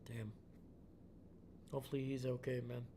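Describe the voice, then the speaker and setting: A man's voice: medium pitch, moderate pace, vocal fry, slight background noise. A young man casually talking over a football game on a live stream, ending nearly every sentence with "man". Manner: relaxed, says "man" after most lines.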